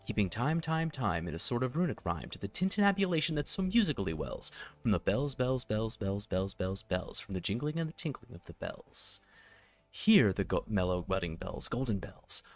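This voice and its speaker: Expressive male streamer reciting and explaining. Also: on the low side, moderate pace, soft background music. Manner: reads verse expressively, swelling loud then sinking soft; casual, thinks aloud with fillers while working. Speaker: livestream host teaching tech setup. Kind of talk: live-streamed tutorial with a poetry reading.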